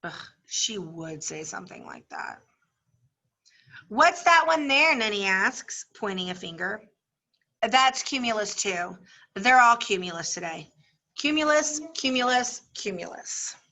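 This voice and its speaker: A woman teacher reading a novel aloud to her class, giving the characters lively voices, then talking the passage over plainly. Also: medium pitch, a little slow.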